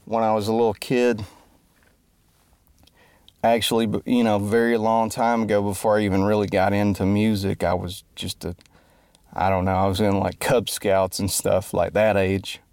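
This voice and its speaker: A man's voice: on the low side, flat delivery, normal speed, a little mellow, smooth, dry recording. A man who calls himself a musician and entertainer rambles through a joking, self-deprecating monologue and keeps losing his train of thought. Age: adult, grew up before the internet. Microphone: close mic.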